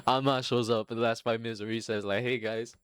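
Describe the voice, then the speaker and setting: A man's voice: mid-range voice, clear, resonant tone, dry recording, studio quality. A young man hosting a podcast, telling a rambling, profane school story in a casual monologue and laughing often. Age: young adult. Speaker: podcast host.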